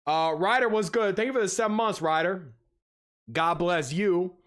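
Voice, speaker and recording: Reacting to videos on his livestream, a male host with a fairly high voice chats easily with viewers at a moderate pace. His manner is lively and teasing, his pitch shoots up as he says hello, and laughter comes often.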